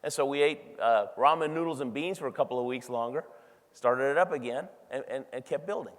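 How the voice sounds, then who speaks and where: A man giving a motivational keynote speech at a convention, telling stories in an animated way and laughing often. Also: mid-range voice, brisk. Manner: animated storytelling with frequent laughs. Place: large convention hall. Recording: long hall reverb.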